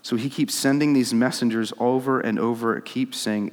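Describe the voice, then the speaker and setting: A man preaching a sermon, acting out God's pleas and swinging between loud urgency and hushed tones. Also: mid-range voice, fairly even intonation, moderate pace, hardly any pauses, long reverb tail. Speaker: pastor.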